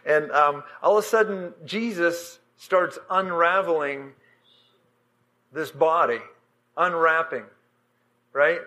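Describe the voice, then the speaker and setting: A man preaching, telling a vision in a halting, emotional way with many fillers and restarts. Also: on the high side, pushed and bright. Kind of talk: sermon storytelling.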